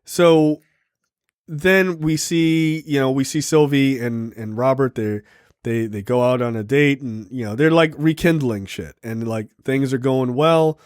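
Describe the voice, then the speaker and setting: His voice is medium-pitched, clear and resonant, a little slow, captured in a dry, clean studio recording. The podcast co-host retells a film in a casual review chat, lively, heavy on fillers and playful acted quotes.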